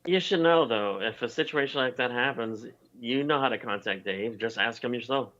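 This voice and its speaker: A man's voice: mid-range voice, moderate pace, fairly bright tone. Matter-of-fact male caller, muffled line. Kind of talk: casual call-in chat.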